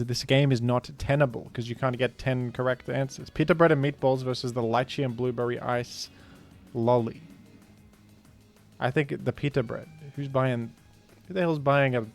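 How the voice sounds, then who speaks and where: A man streaming a food guessing game, talking casually with animated, incredulous outbursts. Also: medium pitch, creaky. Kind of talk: casual gaming commentary.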